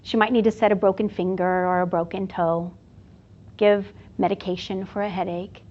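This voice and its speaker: Expressive woman telling a story to an audience. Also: mid-range voice, normal speed. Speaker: presenter. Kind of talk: storytelling presentation. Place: university event. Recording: dull lo-fi sound.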